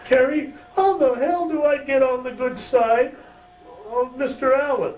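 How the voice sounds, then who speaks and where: A man voicing a naive, eager young male wrestler who gushes in a squeaky voice. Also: steady tone, measured pace, a little mellow, muffled recording. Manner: squeaky, gushing. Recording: roomy distant mic, faint hum.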